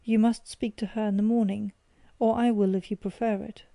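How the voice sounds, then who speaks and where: A woman voicing an anxious young woman asking gently about the household at night. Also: medium pitch, little pitch movement, brisk, vocal fry, no room sound, natural voice. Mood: concerned.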